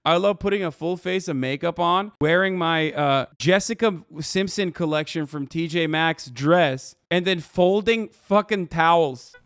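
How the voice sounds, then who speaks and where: A young man reacting to videos on stream, loud, mocking and profane, with emphatic outbursts. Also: fairly high pitch, unhurried, hardly any pauses. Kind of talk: casual reaction commentary.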